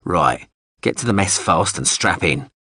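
A man's voice: deep voice, animated, measured pace, bright, forceful tone, slightly rough, no room sound, clean studio sound, heavily acted. A man voicing a cold starship pilot who gives clipped, commanding orders. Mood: curt.

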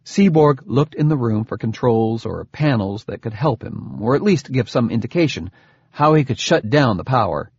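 A man narrates an audiobook in a husky voice, bringing expressive, dryly humorous storytelling. His pitch moves in wide, animated swings. The recording is dull and lo-fi, with no room sound at all. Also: moderate pace, no room sound. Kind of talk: scripted narration. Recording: dull lo-fi, dry close recording.

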